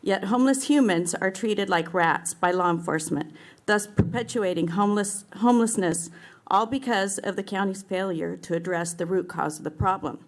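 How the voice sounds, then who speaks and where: A woman's voice: medium pitch, normal speed. Firm woman reading a public comment. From Anaheim, California.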